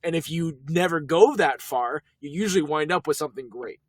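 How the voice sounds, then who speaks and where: A man's voice: a little high, a little fast, slightly rough, no room sound. Joking man on a dry mic. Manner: joking, self-deprecating banter. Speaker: podcast co-host. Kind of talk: casual chat.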